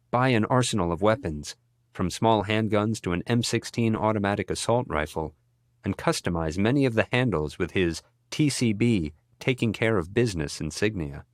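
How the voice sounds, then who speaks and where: Deep-voiced man reading an audiobook. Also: no echo, clean studio sound. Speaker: audiobook narrator. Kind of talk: scripted narration.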